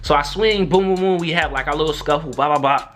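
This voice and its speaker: This young man is a fast talker, vlogging a storytime monologue while soft music plays. In his animated, slangy style, he impersonates what others said with sharp jumps in his voice.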